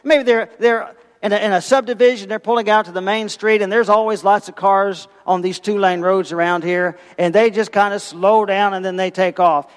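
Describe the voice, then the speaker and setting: A man preaching a sermon, telling a parable with lively, animated storytelling and acting out the voices of its characters. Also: high-pitched, moderate pace, smooth, long reverb tail. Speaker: pastor.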